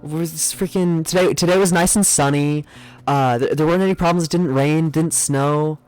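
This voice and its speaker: A man's voice: on the high side, fairly even intonation, moderate pace, darkish tone, clear, resonant tone, dry recording, soft background music. A young man streaming a game live, rambling and joking at himself as he plays. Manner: rambling, self-mocking, muttering to himself. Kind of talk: live gameplay commentary.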